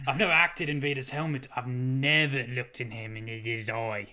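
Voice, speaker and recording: An excitable Scottish actor retelling a fright, as a podcaster puts him on, with a hammy, swearing delivery. The voice is bright and forceful, a little higher than his usual talk. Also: moderate pace. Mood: excited. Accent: Scottish, put on. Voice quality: hammy put-on accent, swearing.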